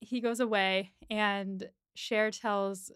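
Slow and clear, with a resonant medium-pitched tone, this woman's voice is recorded at studio quality without echo. She co-hosts a podcast, animatedly retelling a movie scene by scene, doing the characters' voices and laughing often.

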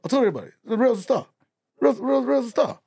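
A man doing an excited high-pitched hype man. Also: quick pace, gravelly, husky, heavily acted. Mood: hyped. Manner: excited, repetitive shouting. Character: loud hype man boasting about a young comic.

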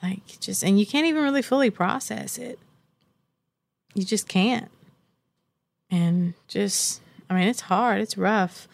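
A woman in her thirties talks candidly as an interview guest, earnest and reflective. Her voice has a gravelly, creaky edge. The sound is dry and close. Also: medium pitch, measured pace, long pauses, no echo. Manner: earnest and reflective, speaks with faith and conviction.

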